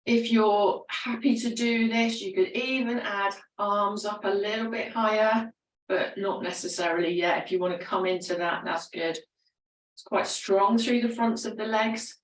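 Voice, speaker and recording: A woman leading a gentle exercise class, encouraging and chatty, laughing often between cues. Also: mid-range voice, distant mic. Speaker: fitness instructor. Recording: roomy echo, voice from away from the mic.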